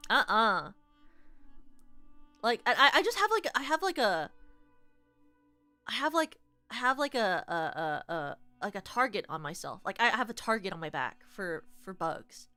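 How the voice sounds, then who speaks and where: A young woman streamer telling stories casually to her chat, animated, with lots of "like", shrieking when she relives the scary parts. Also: a little high, normal speed, dry recording, soft background music.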